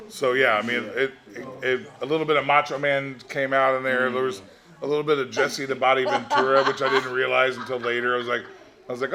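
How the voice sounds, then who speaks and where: A man's voice: mid-range voice, level tone, quick pace, crowd noise. A man voice actor telling stories at a convention panel, laughing and rambling as he goes. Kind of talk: casual panel storytelling.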